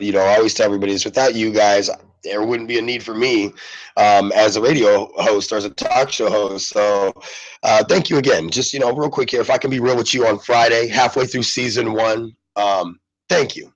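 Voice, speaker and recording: A man's voice: lowish voice, steady tone, a little fast, highs cut off. A man hosting a live talk radio show, chatting casually in a rambling way with lots of fillers and restarts. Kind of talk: casual live-stream chat.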